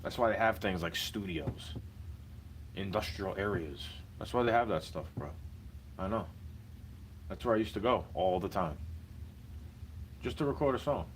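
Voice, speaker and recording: A man's voice: on the low side, lively intonation, moderate pace, long pauses, a little hiss or hum, rough recording. A young man ranting in a casual vlog, slangy and heated, repeating himself as he vents.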